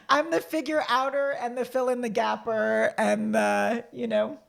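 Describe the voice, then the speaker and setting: A woman co-hosting a casual podcast, her voice fairly high with a strong gravelly fry running through it. She talks in a chatty way and often chimes in to back up the host. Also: fairly even intonation, slow pace. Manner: chatty, supportive interjections.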